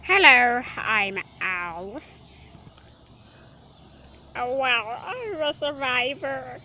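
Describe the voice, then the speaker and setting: A hesitant woman stumbling through her lines in a homemade sketch. Her voice is high and bouncy, slow and bright. The sound is dull and lo-fi. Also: expressive, slight background noise. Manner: hesitant, halting delivery. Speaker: sketch participant. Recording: dull lo-fi home recording.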